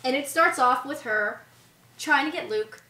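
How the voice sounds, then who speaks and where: A woman co-hosting a podcast, chatting casually about a movie in an animated way, swearing freely and acting out characters. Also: high-pitched, a little slow, echoey room, recorded from a distance. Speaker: podcast co-host.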